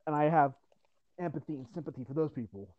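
A man's voice: on the high side, fast, dry recording. Profane young man ranting, dull lo-fi sound. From New Jersey. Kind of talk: casual chat.

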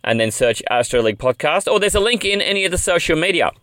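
A man's voice: fairly high pitch, expressive, quick pace, a bit bright, no echo. Chatty Australian man hosting a podcast. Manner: chatty, upbeat, rambling with fillers. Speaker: podcast host. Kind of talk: casual fantasy football podcast chat.

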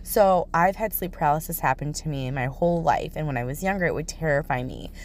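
A woman's voice: low voice, fairly quick, a little hiss or hum. A woman talking casually and directly to her listeners, chatty, full of "like" and "okay?" check-ins.

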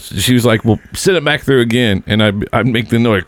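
A man's voice: medium pitch, animated, unhurried, pauses often. A man in his forties telling stories in a casual chat, acting out dialogue and swearing freely. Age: 40s.

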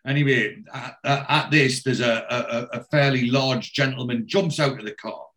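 Brief: male co-host, mid-pitched, rambling and loose, casual chat. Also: moderate pace, a bit bright. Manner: rambling, with many ums and restarts. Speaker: podcast co-host. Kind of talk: casual chat retelling a TV scene.

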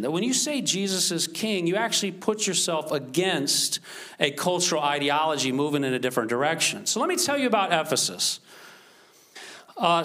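Lively pastor preaching. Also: male voice, on the high side. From United States. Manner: lively, conversational preaching with rising emphatic scripture reading. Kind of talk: sermon.

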